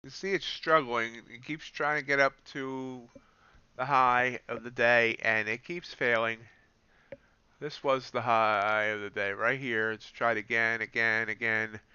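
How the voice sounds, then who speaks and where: Bright-voiced man narrating live trades. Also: mid-range voice, steady tone, measured pace, clean tone, dry recording, dull audio. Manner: thinks aloud, corrects himself mid-sentence. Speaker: futures day trader. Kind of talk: live trading commentary.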